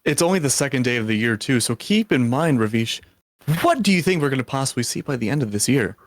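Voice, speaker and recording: A man casting a live esports match, chatty and upbeat and quick to joke, speaking over a headset mic. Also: mid-range voice, animated, no room sound. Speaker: esports caster.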